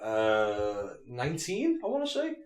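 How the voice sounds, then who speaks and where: A man's voice: medium pitch, wildly swooping pitch, unhurried, echoey room. A man co-hosting a casual podcast, teasing his friends and laughing often. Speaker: podcast co-host reading questions.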